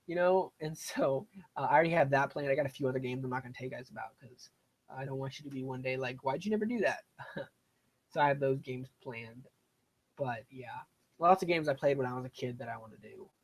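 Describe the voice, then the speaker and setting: Rambling young man streaming a game. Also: medium pitch. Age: young adult. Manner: rambling, chatty, self-deprecating. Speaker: gaming streamer. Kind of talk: casual live-stream commentary while playing.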